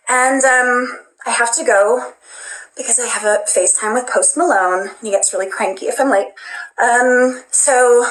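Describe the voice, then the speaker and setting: A woman's voice: on the high side, fairly bright tone. A woman hosting a casual livestream, answering fan questions in a bubbly, self-deprecating way with lots of "um"s. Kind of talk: casual chat. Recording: roomy echo.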